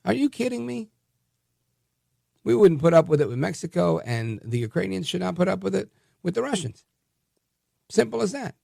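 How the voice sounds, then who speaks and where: A man hosting a talk radio show, giving animated, combative opinion commentary with frequent restarts. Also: sits high, a little fast, vocal fry, dry recording, clean studio sound.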